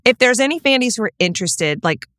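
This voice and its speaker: A woman's voice: fairly high pitch, expressive, quick pace, fairly bright tone, no room sound, clean studio sound. A woman talking about the film she directed, enthusiastic and gushing, laughing often. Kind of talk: casual chat.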